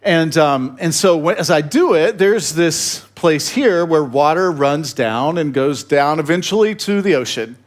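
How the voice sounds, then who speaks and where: A male pastor with a fairly high-pitched voice tells a story in his sermon. He talks casually, with fillers and restarts. He pokes fun at himself and chuckles along the way. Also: lively intonation, a little slow, few pauses. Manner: humorous, self-deprecating, chuckling asides.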